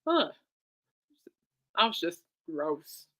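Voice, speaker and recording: A woman hosting her own podcast, rambling excitedly in a casual monologue full of fillers and restarts. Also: lowish voice, extremely slow. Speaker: podcast host.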